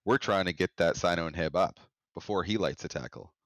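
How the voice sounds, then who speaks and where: A very deep-voiced man putting questions to a panel. He speaks with hesitant fillers, and his voice is recorded dry and close. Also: brisk, fairly bright tone, no echo. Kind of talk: casual panel discussion.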